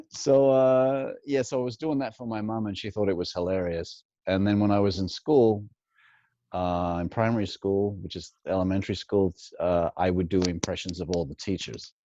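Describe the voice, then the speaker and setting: In a casual interview, an Australian guest impressionist tells stories chattily, laughing often and repeating words as he gets going. His voice is low and mellow, his pace brisk, and the recording is dry and lo-fi.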